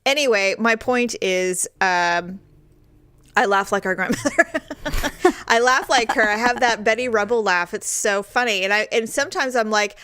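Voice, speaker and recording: A middle-aged woman co-hosting a podcast, chatting casually and acting out quoted voices in an animated way. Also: mid-range voice, moderate pace, smooth, no echo. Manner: animated storyteller, acts out quoted voices with big jumps. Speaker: podcast co-host. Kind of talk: casual chat.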